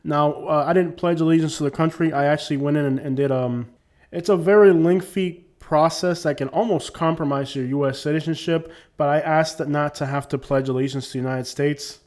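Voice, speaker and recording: A young man from Cuba gives casual commentary with a slightly high voice. He talks in an emphatic, preachy way and addresses his viewers directly. When he reads a letter aloud, his delivery turns formal. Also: steady tone, fairly quick, darkish tone.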